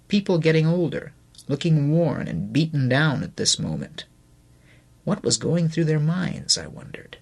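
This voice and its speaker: A male audiobook narrator tells the story in an expressive, measured way. His voice has a gravelly texture and a husky edge. His pitch moves freely and animatedly through the phrases.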